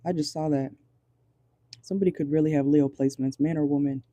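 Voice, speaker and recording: A tarot reader with a very dark, mellow voice talks casually from a car, swearing now and then and laughing nervously. The speech stops often while channeling. The sound is dry and close, with no room echo. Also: mid-range voice, steady tone, fast talker. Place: inside a car.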